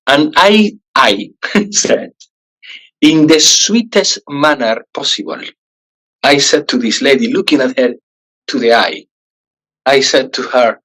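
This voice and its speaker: Guy guest on an interview, tells his story lively and does everyone's voices. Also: mid-range voice, a little slow, poor audio. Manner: animated storyteller, acts out quoted voices.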